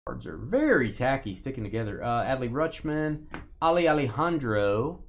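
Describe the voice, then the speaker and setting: A man's voice: mid-range voice, big pitch swings, moderate pace. A man hosting a live card break stream, reading out cards and teasing his viewers and co-host in a joking, rambling way.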